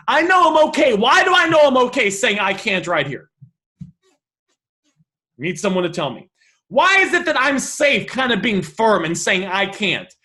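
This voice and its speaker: A man teaching negotiation by walking through message examples, animated and thinking aloud with quick restarts. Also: sits high. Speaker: negotiation coach.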